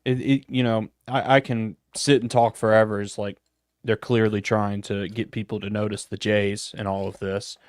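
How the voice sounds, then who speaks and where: A man's voice: lowish voice, flat delivery, normal speed, no room sound, clean studio sound. A male podcast co-host talking in a rambling, laid-back way, with plenty of swearing. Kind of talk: casual live-stream chat.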